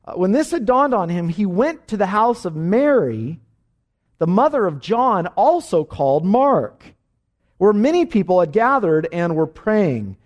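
A man, a pastor, teaching an evening Bible study in an emphatic, animated way, with frequent "uh" fillers. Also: high voice, unhurried, muffled recording.

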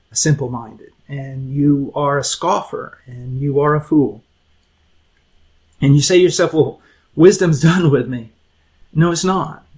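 A man's voice: fairly high pitch, a little mellow, slightly rough, low-quality recording. A man teaching a conversational Bible lesson to young people, earnest and emphatic, often repeating words, chuckling, and asking his listeners direct questions.

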